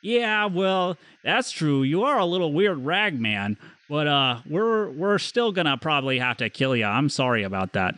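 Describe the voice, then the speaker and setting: A man's voice: fairly high pitch, expressive, normal speed, a bit bright, smooth. A man voicing a laid-back male elf druid leader who apologizes while threatening to kill, in a put-on folksy accent that sounds like a mock Canadian. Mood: folksy menace. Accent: Great Forest accent, like a put-on Canadian. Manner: drawling, folksy, casually apologetic.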